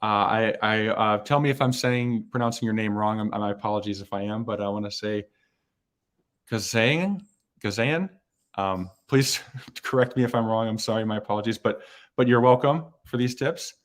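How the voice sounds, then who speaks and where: A man with a somewhat low voice gives career advice on a live stream. He talks casually, with many fillers, restarts and repeated words. He is close to the mic. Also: steady tone, a little fast. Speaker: hiring manager and career coach.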